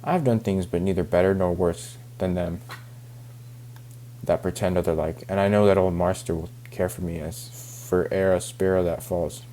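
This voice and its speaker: A man reading aloud as a self-pitying older backwoods farmer, halting over the rural dialect. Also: deep voice, fairly even intonation, dark tone, a little hiss or hum, natural voice.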